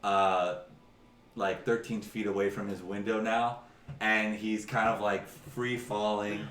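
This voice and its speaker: A man running a tabletop game as dungeon master, narrating in a halting, rambling, amused way. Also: fairly low pitch, little pitch movement, fairly bright tone. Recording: distant echoey room, noisy.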